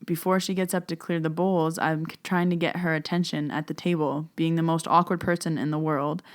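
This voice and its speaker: A woman's voice: deep voice, little pitch movement, brisk. A woman telling her own experience as a medium in a casual podcast, chatty with lots of fillers. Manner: chatty, many "so" and "like" fillers, hushed when she retells whispered talk.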